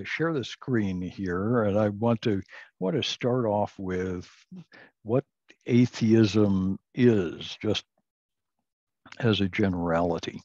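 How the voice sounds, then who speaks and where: Slow, husky-voiced male Bible teacher. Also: fairly low pitch, mellow, no room sound, lo-fi sound. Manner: halting, many uh fillers and restarts, chuckles at own jokes. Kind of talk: recorded online class lecture.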